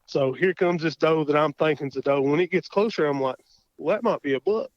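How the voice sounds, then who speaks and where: A man with an Oklahoma accent, a guest telling a hunting story in a casual interview, folksy and animated, acting out his own thoughts. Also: fairly high pitch, a little fast, no room sound. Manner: folksy, animated, lots of quoted self-talk. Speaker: guest hunter. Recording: muffled dry podcast audio.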